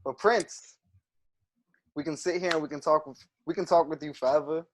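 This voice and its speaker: A man's voice: a little high, steady tone, normal speed, slight background noise. A man hosting a podcast interview, friendly and joking with his guest. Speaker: podcast host. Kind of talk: casual interview chat.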